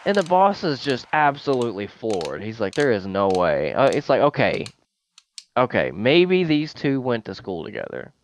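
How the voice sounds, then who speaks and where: A man hosting a gaming video, casually telling a long joke and jumping into high voices for the people in it. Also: normal speed, low-quality recording. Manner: animated, jumps into high voices for quoted characters. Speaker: gaming channel host. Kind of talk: casual joke storytelling over gameplay. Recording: game engine and vehicle noise behind. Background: monster truck game sounds.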